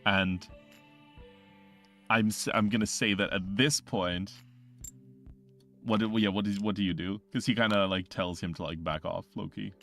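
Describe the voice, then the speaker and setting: Low-voiced man running a tabletop game. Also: fairly even intonation, moderate pace, pauses often, fairly bright tone, soft background music. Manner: casual, hesitant, chatty. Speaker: game master.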